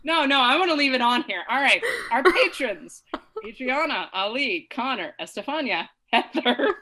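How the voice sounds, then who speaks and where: A giggly woman co-host with a bright, forceful voice runs through a list of supporter names. Her tone is chatty and casual, and she keeps breaking into laughter. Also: high voice, expressive, moderate pace. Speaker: podcast co-host. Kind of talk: casual chat, reading patron names.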